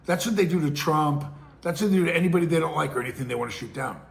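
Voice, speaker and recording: A man's voice: a little high, very fast, vocal fry, background noise. A middle-aged man, hosting his own show with casual, rambling commentary full of restarts and acted-out quotes. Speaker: podcast host.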